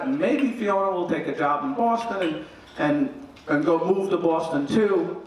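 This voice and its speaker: A middle-aged man giving a father-of-the-groom wedding speech, telling funny stories and acting out the voices of the people in them. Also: on the high side. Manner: humorous, animated, acts out quoted voices. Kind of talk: storytelling wedding toast. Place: wedding reception hall. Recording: very echoey hall, distant mic, faint noise.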